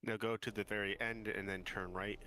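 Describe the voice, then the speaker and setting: A man on a call directs a friend through a game in a matter-of-fact way. He talks quickly in a lowish but bright voice. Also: little pitch movement. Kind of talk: casual gaming chat.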